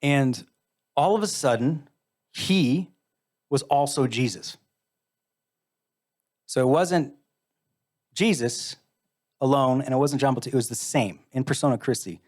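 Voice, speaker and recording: Middle-aged guy telling his story on stage, candid, wry, acts out the voices, mid-pitched. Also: unhurried, pauses often, a little mellow. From United States. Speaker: interview guest, musician. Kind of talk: storytelling in a live interview.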